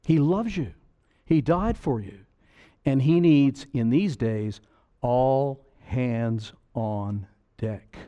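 A man's voice: medium pitch, animated, extremely slow, warm tone, lo-fi sound. A man preaching a sermon as pastor, emphatic and pleading, full of rhetorical questions.

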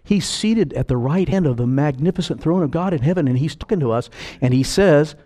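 An older man delivers a sermon from the pulpit. His voice sits a little high and swings widely in pitch, and he slips into acted voices for the people he quotes. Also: a little fast. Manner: animated preaching, acts out quoted voices. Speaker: pastor.

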